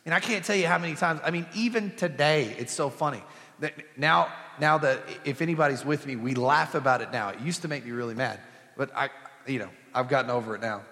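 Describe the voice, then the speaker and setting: A young man, a pastor, preaching a sermon in a relaxed, conversational way, mixing in jokes and family stories. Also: medium pitch, a little fast. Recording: long hall reverb.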